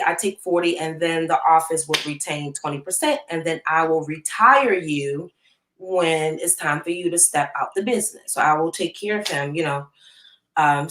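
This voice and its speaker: A woman in her thirties, a business owner and guest, telling her personal testimony in a casual way with many fillers. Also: low voice. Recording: echoey room.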